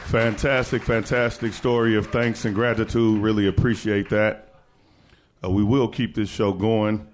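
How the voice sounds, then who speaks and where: A man hosts a live event on stage, upbeat as he reads out the next speaker's introduction. His voice sits lowish. A faint audience murmur sits behind him. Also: level tone, unhurried, a faint crowd, slight background noise. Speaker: event host.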